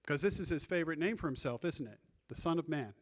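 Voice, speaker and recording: A pastor delivers a sermon, reading scripture aloud and leading the congregation through the passage in a teaching manner. His voice is a little high, with lively intonation and a quick pace.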